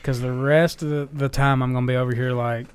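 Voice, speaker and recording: A man's voice: mid-range voice, level tone, clean tone. A man co-hosting a casual comedy podcast, reacting and flaring into angry asides. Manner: reactive, quick to anger. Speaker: podcast co-host.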